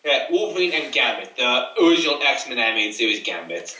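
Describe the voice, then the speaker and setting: A man co-hosting a casual movie chat, animated and joking around. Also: medium pitch, brisk. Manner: animated, jokey. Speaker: co-host. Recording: roomy echo, mic far off.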